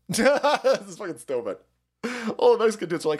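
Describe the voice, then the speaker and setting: A man's voice: high voice, sing-song, brisk. A man hosting a livestream, ranting crudely about politics, stammering, restarting and laughing at his own jokes. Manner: foul-mouthed, rambling, mocking, laughs at own jokes; reads out and thanks chat viewers. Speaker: livestream host. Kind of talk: profane political rant on a livestream.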